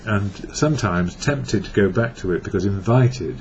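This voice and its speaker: Fairly low in pitch and expressive, this man from England talks at a moderate pace. He's a recovery blogger musing on his own recovery, wandering off track and fixing his words as he goes, over a dull lo-fi recording with faint hiss.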